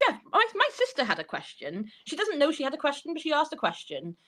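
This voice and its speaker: A Welsh woman chats on her podcast in a fairly high voice that swoops up and down a great deal. She rambles, laughs often and pokes fun at herself. The talk is loose and unscripted. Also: huge pitch swings, fast talker, fairly bright tone. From Wales. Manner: giggly, rambling, self-deprecating. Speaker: podcast co-host. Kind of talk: casual chat.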